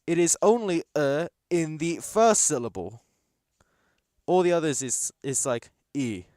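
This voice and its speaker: A man's voice: fairly high pitch, unhurried, no echo, studio quality. Casual man hosting a football watchalong. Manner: casual, rambling, bursts into excited shouts at chances. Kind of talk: live match commentary chat.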